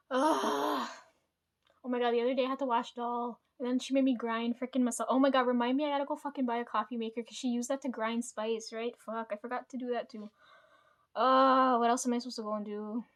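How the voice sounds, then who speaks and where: A woman vlogger chats straight to camera in a loose, rambling way. Her voice sits a little on the high side. She swears freely and laughs between her thoughts. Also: fairly even intonation, fairly quick. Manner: rambling, frequent swearing, chatty asides. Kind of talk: casual storytelling to camera.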